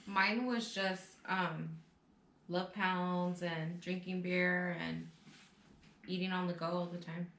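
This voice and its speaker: Lower-voiced woman, plain emphatic chat. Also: steady tone, slow pace, a bit bright, echoey room. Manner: plain and emphatic, repeats her points. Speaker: vlog co-host. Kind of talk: casual chat.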